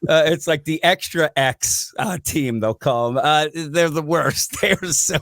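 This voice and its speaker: A man hosting a comic book podcast in casual chat, animated, swearing and laughing often as he acts out characters. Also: a little high, measured pace, no room sound, clean studio sound.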